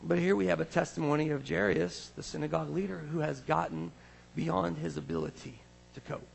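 A man's voice: on the high side, fairly quick, gravelly, husky, in a large hall, poor audio. A man preaching a sermon as a pastor, acting out scripture scenes with a volunteer. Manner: animated, acts out scripture scenes.

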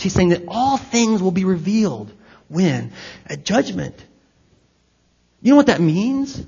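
His voice is on the high side and slightly rough as this pastor delivers a sermon to the congregation in a church hall. He keeps it conversational, adding asides and asking listeners questions directly, in an echoey space with a slightly dull sound.

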